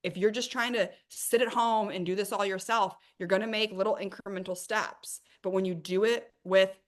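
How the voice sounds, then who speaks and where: A middle-aged woman hosting a live money coaching workshop, answering chat questions with emphatic, energetic talk and calling her viewers "you guys.". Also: mid-range voice, normal speed.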